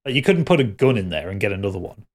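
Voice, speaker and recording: A man's voice: fairly low pitch, big pitch swings, racing. A man narrating and running a tabletop role-playing game for friends, describing scenes in a rambling, casual way. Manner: rambling, restarts mid-sentence, laughs with players. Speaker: game master.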